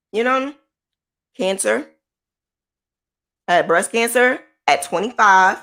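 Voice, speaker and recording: A woman mentoring her viewers in a personal, motivational talk to camera. She speaks candidly and conversationally, leaning hard on key words. Her pitch rises and falls sharply as she drives her points home. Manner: candid, emphatic, conversational, with lively pitch swings. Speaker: small business owner and mentor.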